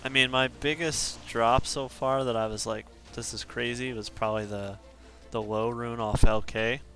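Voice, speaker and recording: Bright-voiced male game streamer. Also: mid-range voice, moderate pace, soft background music. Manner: relaxed, chuckles often, reads out viewer requests. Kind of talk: casual live-stream chat while gaming.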